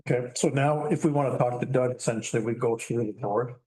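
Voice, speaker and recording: A man's voice: medium pitch, a little fast, dark tone. A man chairing a township council meeting, reading through agenda items in a casual, plainspoken way with dry asides. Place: council chamber.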